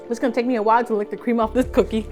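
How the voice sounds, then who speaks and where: A young woman food vlogger, excited and giggly, often laughing and squealing while she talks straight to her viewers. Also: a little high. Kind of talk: excited cooking vlog.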